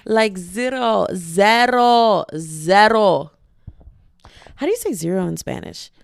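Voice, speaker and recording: Gravelly-voiced woman rambling on her podcast. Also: medium pitch, very animated, normal speed, dry recording. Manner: rambling, self-deprecating, jokey. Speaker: podcast host. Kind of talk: solo casual podcast chat. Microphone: podcast microphone.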